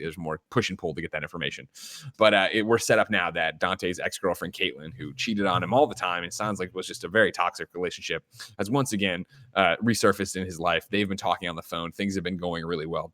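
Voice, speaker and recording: A man's voice: low voice, a bit bright, dry recording. A man hosting a casual podcast, animatedly retelling a film's scenes with frequent laughs and swearing. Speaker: podcast host. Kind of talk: casual film review chat.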